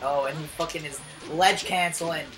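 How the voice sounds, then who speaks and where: A woman's voice: sits low, normal speed, low-quality recording. A young woman streaming, chatting casually and bluntly over a match, swearing a lot and rambling. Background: music.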